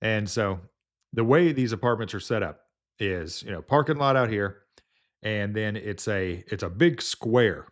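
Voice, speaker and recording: Man, home health nurse, casual story to camera, rambling with fillers, somewhat low voice. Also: lively intonation, a little slow. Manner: rambling, heavy with fillers and restarts.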